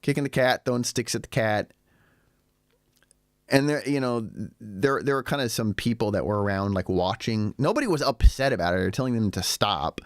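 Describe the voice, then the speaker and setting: A man's voice: mid-range voice, moderate pace, dry recording, clean studio sound. A man vlogging, telling a story in a rambling, sarcastic, casual way while a little tipsy. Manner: lively, rambling, with sarcastic asides. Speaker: vlogger living in Shanghai.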